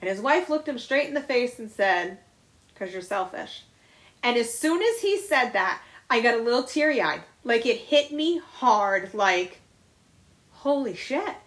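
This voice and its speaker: Woman co-host, middle-aged, candid and blunt, swears casually, pitched a bit high. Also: expressive, measured pace, fairly bright tone. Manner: blunt and confessional, swears freely. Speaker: podcast co-host.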